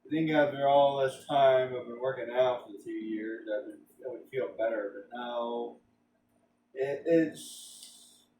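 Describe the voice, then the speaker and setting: A man's voice: mid-range voice, darkish tone, far from the mic. A man chatting casually while streaming a game, rambling with lots of filler words and joking. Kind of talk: casual gameplay stream chat. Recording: roomy sound, off-mic, faint background hum.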